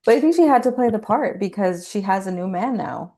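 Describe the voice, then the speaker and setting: A woman's voice: mid-range voice, lively intonation, a little fast, dark tone. A woman co-hosting a podcast, reasoning through a film's plot in casual chat. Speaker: podcast co-host.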